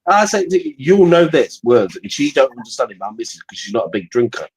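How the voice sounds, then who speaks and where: A man's voice: medium pitch, big pitch swings, quick pace, poor audio. Sweary man chatting bluntly. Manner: blunt, sweary, repeats himself. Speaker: guest on a live stream panel. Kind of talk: casual chat.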